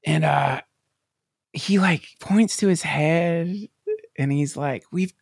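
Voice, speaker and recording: A man with a gravelly, creaky voice tells a personal story in a rambling way, full of fillers and restarts. He sometimes sounds close to tears. The sound is dry and close. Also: fairly high pitch, slow pace, no room sound. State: near tears at times. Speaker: podcast guest.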